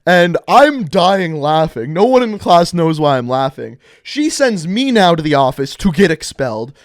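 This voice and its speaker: A young man tells a rambling high school story straight to camera. His voice sits a little high and the sound is dry and close. He keeps it chatty, full of asides and "like". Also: very animated, moderate pace, dry recording. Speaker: vlogger. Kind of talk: casual storytime narration.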